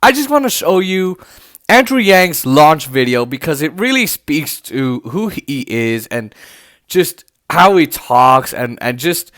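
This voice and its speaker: A man's voice: on the high side, very animated, slow pace, a bit bright. A man hosting a podcast, giving casual political commentary in a loose, chatty way with many fillers and restarts. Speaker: podcast host.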